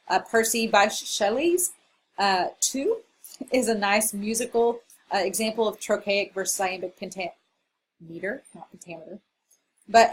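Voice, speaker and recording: Female English instructor, recorded slide lecture; relaxed, filler-heavy delivery, faint background hiss. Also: mid-range voice, low-quality recording. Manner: casual, explanatory, with frequent fillers.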